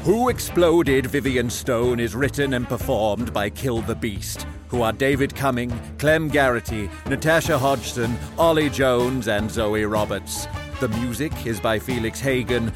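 A man's voice: medium pitch, measured pace. Man reading closing credits over music. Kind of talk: scripted credits announcement.

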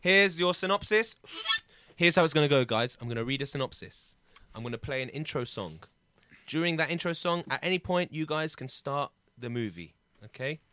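Lively bright-voiced male podcast host. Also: fairly high pitch, moderate pace, clean tone. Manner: brash, playful, puts on silly voices. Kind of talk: improv comedy podcast banter.

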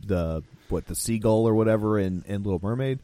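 A man's voice: lowish voice, brisk, dark tone, no echo. A man who is a guest on a casual film podcast and talks with wry, jokey asides.

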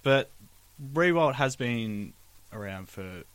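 A man's voice: mid-range voice, animated, slow pace, clean tone, no echo. An Australian man on a podcast quiz panel, reasoning aloud through his answers in casual banter. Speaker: contestant.

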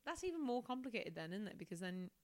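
A woman's voice: mid-range voice, big pitch swings, fast, a little mellow, dry recording. A woman, a comedian reading a novel aloud, with self-mocking, giggly asides. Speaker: comedian and scientist guest.

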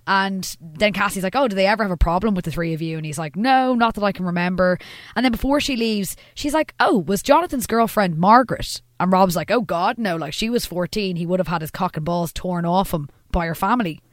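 A woman's voice: fairly low pitch, fairly quick, dry recording, clean studio sound. A woman, co-hosting a podcast and recapping a TV episode in casual chat, acting out the characters' lines. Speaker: podcast co-host.

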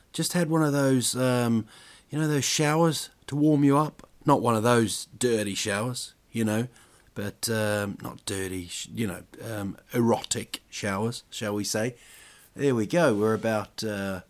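A young man hosting a solo podcast, talking in a rambling, jokey, self-mocking way with plenty of fillers and restarts. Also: lowish voice. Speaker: podcast host.

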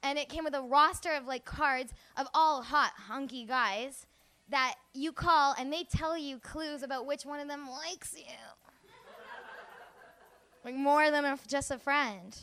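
A woman's voice: high-pitched, unhurried, bright, forceful tone, slight background noise. A woman doing a live stand-up set, rambling, giggly and self-mocking. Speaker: stand-up comedian. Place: live comedy show stage.

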